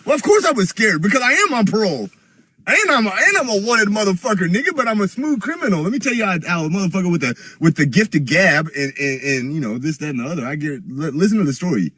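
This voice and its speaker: A young man telling a rambling, profane story in casual chat, getting louder and higher as he gets worked up. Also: expressive, quick pace, husky.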